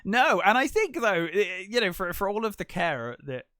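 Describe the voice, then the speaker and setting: A man co-hosts a casual movie podcast, retelling the plot in a rambling way full of ums. His voice sits a bit on the higher side. It sounds dry and close to the mic, with little room around it. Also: big pitch swings, moderate pace, bright, forceful tone, no echo. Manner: rambling retelling with fillers and acted quotes. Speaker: podcast co-host. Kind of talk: casual film discussion.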